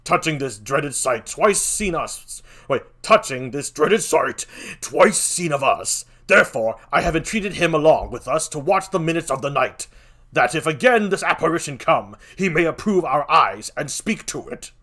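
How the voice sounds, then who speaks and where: A man voicing an earnest, gruff male officer of the watch, low and deliberate. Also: big pitch swings, sharp tone, heavily acted.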